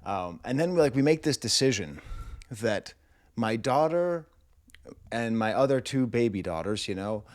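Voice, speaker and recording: A man's voice: medium pitch, expressive, unhurried, a little mellow, no echo. Middle-aged man, music reviewer, rambling wry storytelling, dry close sound, indoors. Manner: rambling, wry, comic asides. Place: indoors in a rental house.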